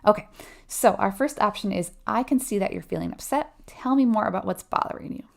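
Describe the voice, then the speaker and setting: A woman's voice: mid-range voice, animated, brisk, creaky. A woman tutoring nursing students through an exam question, casual and conversational, often checking in with "right?". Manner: acts out short quoted replies with a laugh.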